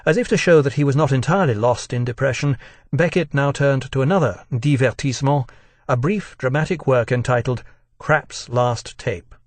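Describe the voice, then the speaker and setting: A man narrating a scripted documentary in a measured, deliberate way, recorded as a studio voice-over. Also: medium pitch, no room sound.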